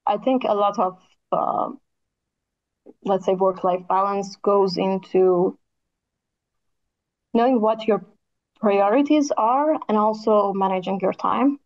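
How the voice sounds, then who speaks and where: A woman's voice: medium pitch, slow, pauses often, a little mellow. A woman architect speaking as a guest in a casual interview, her voice a bit tired, thoughtful, with many fillers. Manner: thoughtful, with frequent "like" and "kinda" fillers. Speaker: architect and podcast co-host, guest. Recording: slightly dull lo-fi audio.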